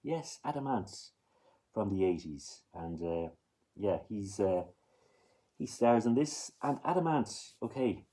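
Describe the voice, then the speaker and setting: Low-voiced man rambling through a movie review. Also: animated, measured pace, mellow, poor audio. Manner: rambling, talks to himself, lists titles. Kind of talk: casual spoken movie review.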